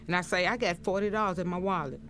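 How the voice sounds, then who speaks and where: An older woman recounting her experience in documentary testimony, halting and repeating words as she goes. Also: on the low side, a bit bright, slight background noise. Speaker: crime survivor interviewee.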